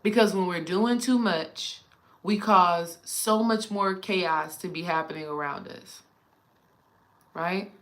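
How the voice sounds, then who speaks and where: A woman's voice: lowish voice, takes it slowly, a bit bright. A woman spiritual coach talking casually and animatedly to her viewers, addressing them directly.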